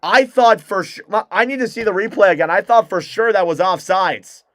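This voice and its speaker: A young man doing live hockey play-by-play commentary as a fan streamer, calling the action quickly and reacting with excitement. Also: high-pitched, no room sound, clean studio sound.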